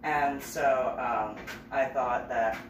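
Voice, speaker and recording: A woman from New Jersey telling a story casually to camera, lively as she acts out remembered dialogue. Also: extremely low pitch, takes it slowly. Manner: animated, raising her voice to act out quoted dialogue. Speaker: vlogger. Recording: roomy, distant mic, noisy background.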